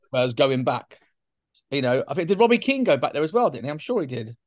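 A man hosts a relaxed football chat show. He talks in loose, jokey banter with his co-host. The sound is dry, with no room around the voice. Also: mid-range voice, fairly quick, no echo. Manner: chatty, joking banter. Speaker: podcast host.

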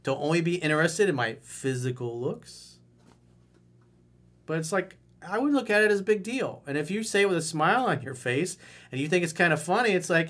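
A man offers dating advice in a video coaching monologue, his voice fairly high, expressive and fairly bright. He's playful, tossing in quick asides where he acts out bits of dialogue while explaining.

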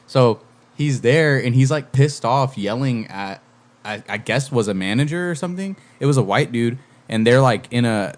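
A young man telling a story on a podcast, swearing freely and acting out what people said. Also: mid-range voice. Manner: profane, animated storyteller acting out quotes. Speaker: podcast co-host. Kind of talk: casual storytelling. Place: podcast studio.

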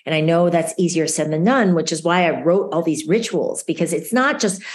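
A woman guest speaking in casual conversation, animated and earnest, giving encouraging advice. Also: lowish voice, a little fast. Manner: animated storyteller, quotes others vividly. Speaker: guest author.

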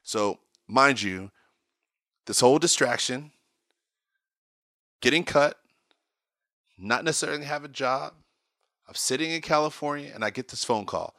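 A middle-aged man telling stories in a casual conversation, animated and excitable. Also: mid-range voice, measured pace, long pauses, dry recording, studio quality. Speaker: guest. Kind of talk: casual podcast storytelling.

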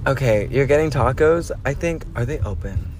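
A man co-hosting a podcast from a car, rambling and excitable in profane, casual chat. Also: mid-range voice, normal speed. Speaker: podcast co-host. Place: inside a car. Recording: faint music in the background.

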